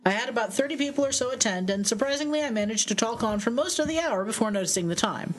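A woman reading a listener letter aloud on a podcast, brisk and steady. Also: fairly high pitch.

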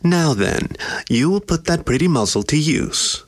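A man's voice: on the high side, animated, measured pace, voice pushed up. A man voicing a dominant adult lioness in a story reading, with a commanding, purring, coaxing manner. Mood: commanding, teasing.

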